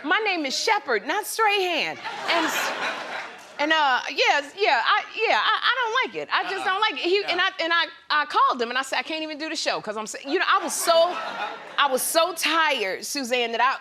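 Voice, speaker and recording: A woman guest-hosting a talk show, telling a comic story in an animated way and acting out the quotes herself. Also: very high-pitched, moderate pace, crowd noise. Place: TV studio with live audience.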